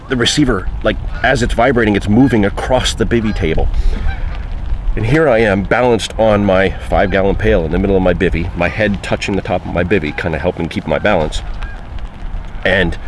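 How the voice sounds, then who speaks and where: A man's voice: low voice, a little hiss or hum. A man recounting a fishing trip in a casual spoken anecdote, conversational and full of fillers.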